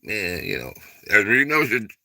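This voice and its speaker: A man's voice: lowish voice, very animated, measured pace, creaky, sharp tone, dry recording. A man hosting a casual chat with viewers, rambling loosely with lots of fillers and informal dialect speech. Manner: rambling, loose, filler-heavy, repeats "man" and "you know". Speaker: livestream host.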